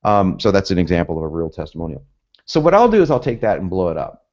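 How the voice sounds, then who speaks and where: A copywriting teacher gives a casual lesson in a low, sing-song, slightly mellow voice, speaking fast. He's chatty, laughs often, and acts out the lines he quotes. The audio is dull and lo-fi.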